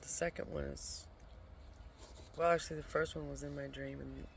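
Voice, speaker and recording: In a noisy home recording, an exhausted, sleep-deprived vlogger delivers a rambling spiritual monologue about visions, with a pet dog nearby. Their mid-range voice carries vocal fry and little pitch movement at a moderate pace, with frequent swearing and occasional drops into a whisper.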